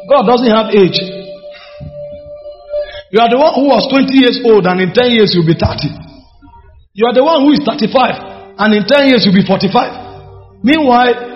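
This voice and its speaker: A man preaching a sermon emphatically, with repeated phrases and rhetorical questions. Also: high-pitched. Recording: echoey hall, dull sound.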